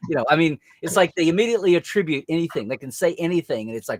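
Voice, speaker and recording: A man's voice: on the high side, expressive, racing, few pauses, a bit bright. An American man hosts a casual live-stream chat with a slightly raised voice. He rambles, restarts sentences and reads viewer comments aloud. The sound is close and dry, with no room echo. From United States. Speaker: host.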